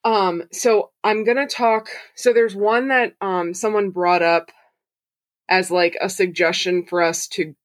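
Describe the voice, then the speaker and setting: A woman's voice: mid-range voice, steady tone, a little slow, no echo, studio quality. A woman hosting a podcast, reading listener stories aloud in a casual way, swearing freely and laughing often. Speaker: podcast host.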